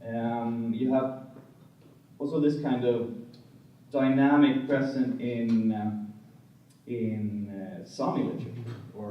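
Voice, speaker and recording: A man moderating an academic symposium discussion, speaking in measured sentences with many filler pauses and checking in with "right?". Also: fairly low pitch, mellow, highs cut off, a little hiss or hum. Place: lecture room. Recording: distant, very echoey room.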